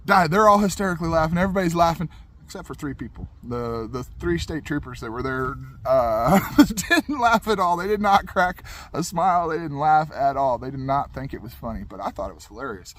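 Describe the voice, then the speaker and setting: A man's voice: on the high side, a little fast, fairly bright tone. Rambling young man telling a story. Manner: rambling, repetitive, laid-back. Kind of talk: casual personal storytelling.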